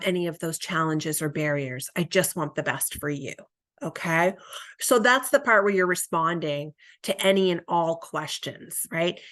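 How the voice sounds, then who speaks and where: Lowish and slightly bright, a woman's voice leads a conversational counselor training lecture that was recorded. She regularly adds "right?" to her statements and performs sample lines a counselor or client might say.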